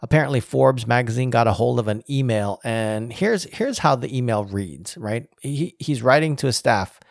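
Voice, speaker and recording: A man giving casual spoken commentary on leadership, emphatic and climbing higher in pitch as he presses a point. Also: lively intonation, normal speed, gravelly, dry recording, studio quality. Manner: emphatic, rises in pitch when making a point.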